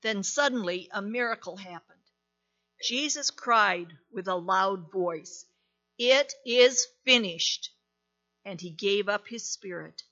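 A woman reading a story aloud in a gentle, deliberate manner with dramatic pauses. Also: mid-range voice, muffled recording.

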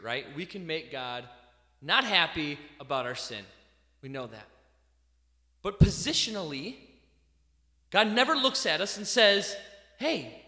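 A man preaching a sermon, a father, animated, swinging from loud emphasis to quiet asides. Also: fairly high pitch. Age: adult parent. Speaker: pastor. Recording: echoey hall.

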